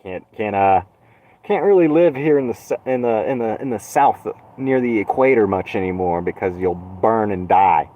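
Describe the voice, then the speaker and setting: Young male streamer, lowish voice, dry sarcastic ramble with swearing, thin phone-line sound. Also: normal speed. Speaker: live streamer. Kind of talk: rambling solo live stream. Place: inside a van.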